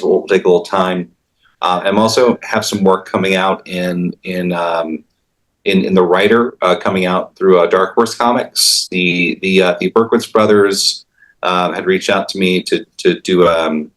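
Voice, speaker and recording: A comic book artist with a fairly low-pitched man's voice, speaking in an easygoing interview. He tells his stories in a halting, rambling way, full of fillers and restarts. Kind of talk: casual interview chat.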